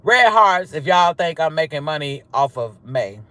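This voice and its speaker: A man hosting a casual livestream roll call, profane, swinging between loud greetings and low mutters. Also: sing-song, normal speed, no echo. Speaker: livestream host.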